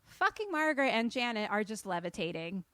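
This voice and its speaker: A woman podcast co-host tells a horror film's story in an animated way, leaning on "like" as she goes. Her voice is bright and clear. The recording is dry and close, with no room sound. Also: medium pitch, a little fast, dry recording. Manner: animated storyteller, frequent "like" fillers. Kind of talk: casual chat, retelling a movie.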